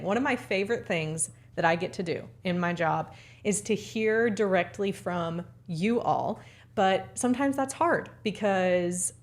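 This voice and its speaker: Casting: upbeat woman in her thirties, co-host, easy laughter, mid pitch. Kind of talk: casual chat on a live show.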